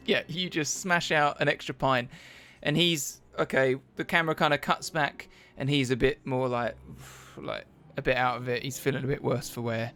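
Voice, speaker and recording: A man's voice: medium pitch, fairly even intonation, moderate pace, hardly any pauses, sharp tone. A man narrating a tabletop game as game master, hesitant and rambling and often laughing.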